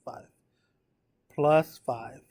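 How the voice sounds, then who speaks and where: A man's voice: drawn-out words, darkish tone. A tired man teaching a math class, talking students through a graph and checking in with them often. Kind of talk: live classroom lecture at a whiteboard.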